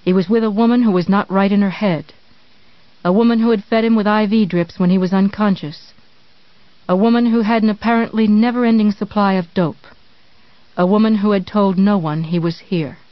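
An audiobook narrator reads a novel in a measured, even storytelling voice. The sound is dry and close, with a slightly dull recording. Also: mid-range voice, dry recording. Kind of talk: scripted narration.

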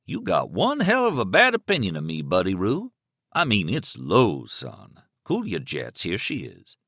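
A sneering male villain who drags out his words in a teasing drawl, as a man puts him on. The voice sits low and slow, mocking and grotesque. It is read dry and close for a storybook recording. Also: huge pitch swings, a bit bright, no room sound, exaggerated voice. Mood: taunting.

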